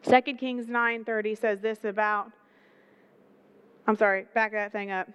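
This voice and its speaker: Smooth-voiced woman teaching the Bible. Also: mid-range voice, fairly even intonation, a little slow, a bit bright. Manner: humorous, slangy retelling. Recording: dull lo-fi recording.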